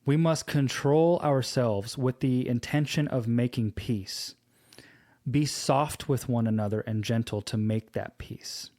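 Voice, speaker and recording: A man giving a devotional teaching, telling a personal story slowly and earnestly and quoting scripture. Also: mid-range voice, darkish tone. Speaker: preacher.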